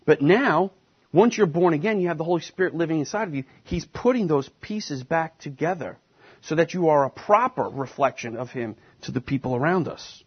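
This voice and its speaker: A man's voice: on the high side, lively intonation, moderate pace, slightly rough, lo-fi sound. A man preaching a sermon, speaking emphatically and putting questions to the congregation. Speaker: pastor.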